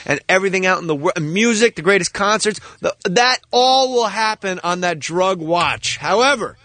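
A man's voice: high-pitched, expressive, moderate pace, bright, forceful tone, dry recording. A man telling rambling, jokey stories in a casual radio show chat. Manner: rambling storyteller with big acted-out bits.

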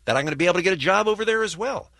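A middle-aged American man co-hosting a morning radio show, speaking earnestly and heartfelt with halting restarts. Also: sits high, lively intonation, pushed and bright, dry recording.

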